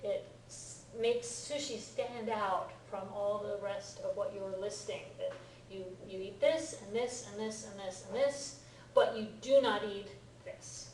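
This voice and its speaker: A woman teaching a Japanese lesson who talks in an animated way, acting out example lines and laughing often. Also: mid-range voice, measured pace. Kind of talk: lively one-on-one lesson. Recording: echoey room, far from the mic, faint noise.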